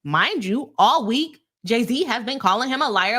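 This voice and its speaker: Talking to her audience as "y'all," this young woman runs a casual legal commentary live stream, sounding animated and heated. Her voice leans high and her pace is a little slow.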